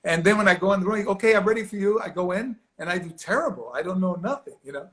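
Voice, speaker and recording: Animated man telling a story. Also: high voice, fast. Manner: animated, acts out quoted voices, laughs often. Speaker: actor guest. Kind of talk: storytelling interview.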